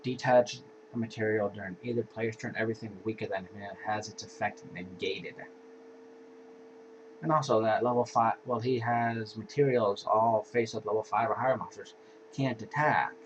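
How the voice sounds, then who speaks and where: A man with a lowish, steady voice casually goes through his card game deck at normal speed, offhand and laid-back, sighing and yawning between cards. It's a dull, lo-fi home recording with faint hiss.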